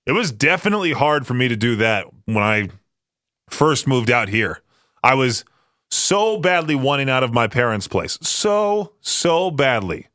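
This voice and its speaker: A man's voice: medium pitch, sing-song, normal speed, bright, forceful tone, no room sound, studio quality. A young man from Idaho hosting a rock radio show, chatting casually and rambling, often laughing. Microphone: studio microphone.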